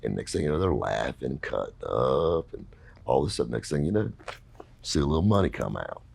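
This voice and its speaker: A man's voice: rumbling low, very animated, fairly quick, creaky, darkish tone, slightly rough. A middle-aged man telling a long story casually, rambling and folksy, with lots of fillers. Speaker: podcast host telling a story.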